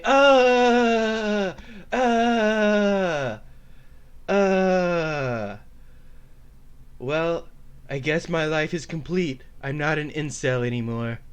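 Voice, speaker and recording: A man's voice: high-pitched, clear, resonant tone, voice pushed up. A spiteful young man whines and sneers in a slightly raised voice, as a man puts him on. He drags out every word. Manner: whiny, sneering. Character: bitter young man parody, whiny and spiteful.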